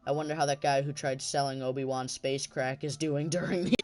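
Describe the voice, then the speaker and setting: A man's voice: mid-range voice, steady tone, a little fast, darkish tone, soft background music. A man hosting a gaming channel, talking in a casual rambling monologue while he plays, passionate and often restarting his sentences.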